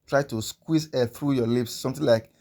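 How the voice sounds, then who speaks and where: A man gives a pronunciation lesson at a middle pitch. He is patient and careful, repeating each example word several times and slowing down to model the sounds clearly. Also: steady tone, mellow, slight background noise. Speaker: language teacher.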